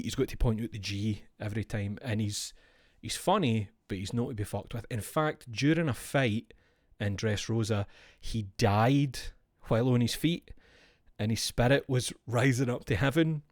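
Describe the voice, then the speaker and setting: A man's voice: mid-range voice, moderate pace, no echo, clean studio sound. A man streaming, chatting casually in a rambling, profane, jokey way.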